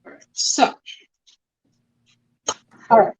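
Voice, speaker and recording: A woman's voice: takes it slowly, a little mellow, no room sound. A woman chatting casually while doing her makeup, blunt and swearing freely. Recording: dull lo-fi, dry sound.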